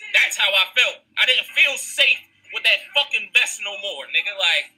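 A man telling a story as a guest on a casual talk show, excitable and dramatic, bursting into yells and acting out his own panic. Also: high voice, moderate pace, husky, soft background music, low-quality recording.

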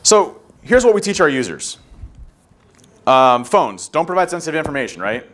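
A man giving a conference talk on security, rapidly telling animated stories and acting out the people in them. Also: fairly high pitch. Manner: rapid, animated storytelling, acts out quotes. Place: conference room.

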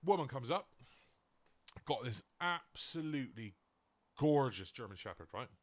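Brief: male co-host, mid-pitched, chatty storyteller who acts out quotes. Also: animated, unhurried, no echo. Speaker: podcast co-host. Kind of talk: casual chat.

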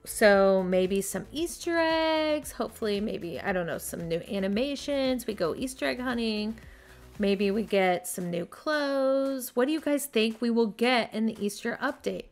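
A woman's voice: fairly high pitch, expressive, unhurried, soft background music. Chatty woman live-streaming to viewers. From Texas, USA. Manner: chatty, greeting viewers by name. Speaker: channel host.

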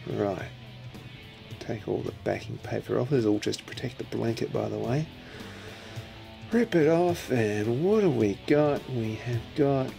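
A man with a gravelly, fry-edged voice talks through his print studio mishaps in a comic vlog. He is wry and self-mocking, and he swears at a stubborn press in mock exasperation. Faint guitar music plays quietly behind him. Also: mid-range voice, lively intonation, moderate pace. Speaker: printmaker demonstrating his process.

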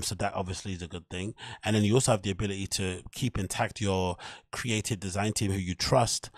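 A man's voice: low-pitched, dry recording, studio quality. A man hosting a podcast, giving a blunt, rambling review full of fillers and strong opinions. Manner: blunt, opinionated, rambling with many "um"s and "you know"s. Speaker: podcast host. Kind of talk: casual fashion review commentary.

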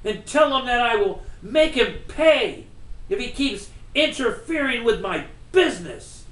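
Storybook villain, read by a man, boastful and menacing, lively pitch, echoey. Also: measured pace, full character voice. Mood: threatening. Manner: threatening, boastful. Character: menacing, arrogant man threatening wrath.

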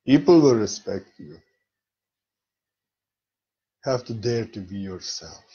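Man, foreign accent, warm mellow voice, silly and theatrical, dull lo-fi recording. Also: fairly low pitch, lively intonation, takes it slowly, slightly rough. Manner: repeats words emphatically. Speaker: spiritual teacher. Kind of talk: motivational monologue.

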